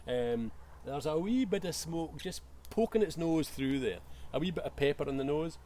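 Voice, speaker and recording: A man's voice: fairly high pitch, moderate pace, mellow, a little hiss or hum. A Scottish man presenting a casual whisky tasting, enthusiastic but full of hesitant fillers and restarts.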